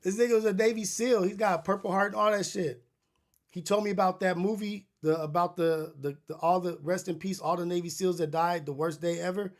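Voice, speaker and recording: A man's voice: high voice, fairly even intonation, a little fast. A middle-aged man hosting a podcast, telling stories in a loose, profane, rambling way with many restarts. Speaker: podcast host. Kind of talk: casual storytelling monologue.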